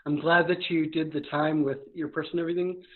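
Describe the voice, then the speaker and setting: Man, rapid energetic coaching talk, slightly high voice, thin phone-like sound. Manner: fast, energetic, talks a million miles an hour. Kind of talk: live coaching conversation on a podcast. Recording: tinny phone-like remote line.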